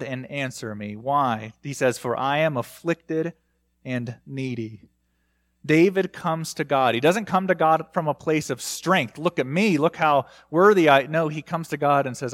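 A man's voice: mid-range voice, dry recording, studio quality. A young man preaching a sermon, earnest, often putting direct questions to his listeners. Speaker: pastor.

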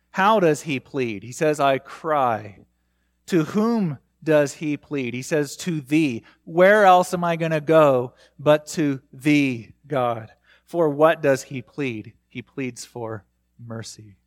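A man's voice: medium pitch, no room sound, studio quality. A young man preaching a sermon, earnest, often putting direct questions to his listeners. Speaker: pastor.

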